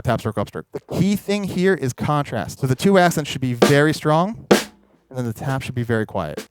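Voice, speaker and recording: A man teaching drum technique in a casual, explanatory way, pausing to demonstrate strokes as he talks. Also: medium pitch. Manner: explanatory, demonstrating while talking. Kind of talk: instructional video. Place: recording studio with drum kit. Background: drum playing.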